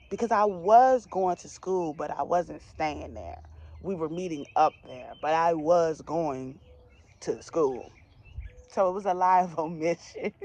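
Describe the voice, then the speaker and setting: A woman's voice: fairly low pitch, darkish tone. Chatty young woman telling a storytime. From DMV area, US. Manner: chatty, slangy, laughing asides to viewers. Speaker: vlogger. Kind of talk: casual storytime.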